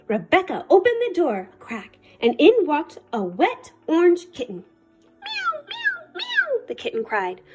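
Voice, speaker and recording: Lively high-voiced woman reading a storybook. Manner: expressive, sing-song reading. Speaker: children's librarian. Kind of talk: storybook read-aloud.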